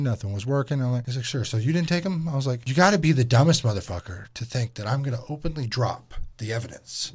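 A young man casually telling a story as a podcast host, profane and exasperated, acting out his retelling. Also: medium pitch.

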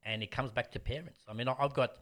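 A man's voice: mid-range voice, quick pace. A man, a martial arts teacher telling stories bluntly in casual interview chat. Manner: animated storyteller, blunt.

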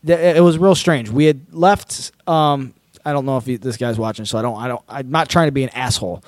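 A man's voice: medium pitch, fairly quick, dry recording, clean studio sound. A man co-hosting a podcast, telling a long story in a rambling, profane way. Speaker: podcast co-host. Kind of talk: casual podcast chat.

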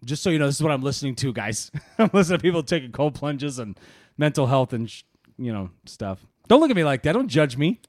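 A man co-hosting a casual podcast over beers, animated and laughing often, swearing freely. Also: mid-range voice, fast, no room sound, studio quality. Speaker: podcast co-host.

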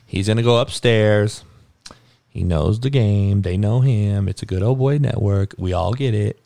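A man's voice: fairly low pitch, measured pace, vocal fry, warm tone, no room sound. A man giving a heated, profane and mocking sports rant as a podcast commentator.

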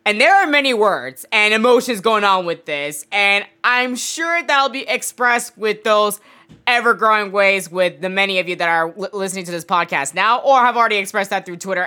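A woman's voice: mid-range voice, a little fast, pushed and bright. A woman hosting a gaming podcast, giggly and flustered as she struggles to keep a straight face and keeps apologizing. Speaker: podcast host.

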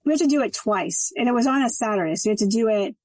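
A middle-aged woman who is a guest on a podcast, chatting casually and telling animated stories, acting out quoted dialogue and swearing freely. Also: fairly high pitch, very fast, no room sound, poor audio.

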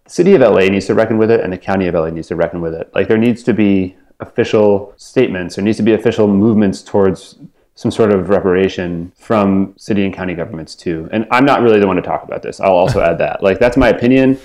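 A man with a very low, deep voice talks things through in a relaxed podcast chat. He speaks as an author guest, thoughtful and rambling, leaning on "you know" and "like" as he works toward his point. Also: fast. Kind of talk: casual podcast conversation.

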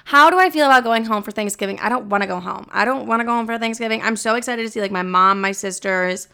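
A woman's voice: fairly high pitch, fast talker, gravelly, bright, forceful tone, clear, resonant tone. A young woman from Chicago hosting a podcast, chatting casually and swearing a lot, with many "like" fillers. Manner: chatty, profane, lots of "like" fillers. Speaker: podcast host. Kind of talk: casual chat.

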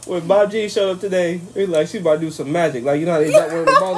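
Woman, podcast host, casual banter, profane, very lively intonation. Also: lowish voice, very fast, hardly any pauses, noisy background. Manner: loose, joking, profane banter. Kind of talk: casual chat.

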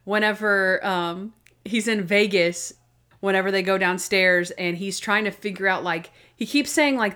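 A woman's voice: medium pitch, steady tone, normal speed, a bit bright, smooth. A woman co-hosting a casual fan chat, retelling favorite scenes and acting out quoted lines in playful voices. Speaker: co-host.

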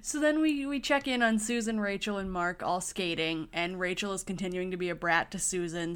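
A woman's voice: on the low side, fairly bright tone. A woman co-hosting a podcast, chatting casually and a little self-deprecating about being pedantic. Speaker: podcast co-host. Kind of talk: casual chat recapping a TV episode.

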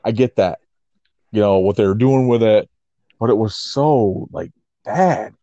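A man's voice: lowish voice, measured pace, warm tone, no echo. A man co-hosting a casual podcast, recapping wrestling in a laid-back way, laughing often and saying "like" a lot. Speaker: podcast co-host. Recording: muffled lo-fi audio.

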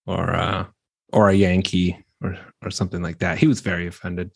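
A man's voice: sits low, monotone, moderate pace, vocal fry, no echo, clean studio sound. Joking man with a Midwestern accent. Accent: Wisconsin (Midwestern American). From Wisconsin, US Midwest. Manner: joking, laughs often, jumps into voices. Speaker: podcast co-host. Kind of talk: casual chat.

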